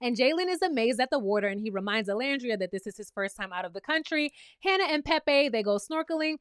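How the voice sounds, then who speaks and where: A high-voiced woman recaps a reality show with sassy commentary, scolding the cast and throwing in lively asides. The sound is dry and close, with no room around her voice. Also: smooth, no echo. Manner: sassy, talks back to the cast, animated asides.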